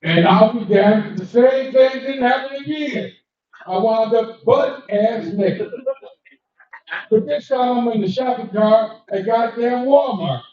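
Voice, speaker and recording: An older man doing crude, animated stand-up comedy, slipping into quick character voices as he tells his stories. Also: very high voice. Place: cigar lounge comedy stage. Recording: echoey distant dull live-room recording.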